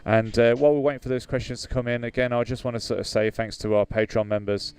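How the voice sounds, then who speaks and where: A man's voice: mid-range voice, level tone, fast talker, a little mellow. A British man hosting a flight sim livestream in casual chat, hesitant with many fillers, reading out viewer comments and laughing easily.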